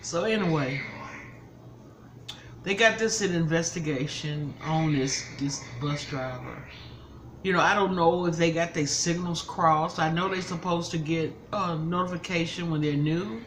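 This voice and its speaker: A woman's voice: sits low, unhurried, slight background noise, rough recording. An older woman, a grandmother, telling an upsetting story in casual chat, tearful and angry by turns. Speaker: vlogger.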